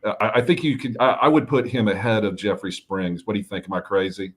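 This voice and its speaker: A man's voice: lowish voice, quick pace, a bit bright. A man co-hosting a live fantasy baseball show, talking loosely with jokes, fillers and the odd swear word. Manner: loose and joking, fillers and restarts, mild swearing. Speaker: fantasy baseball podcast co-host. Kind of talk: casual live-stream chat.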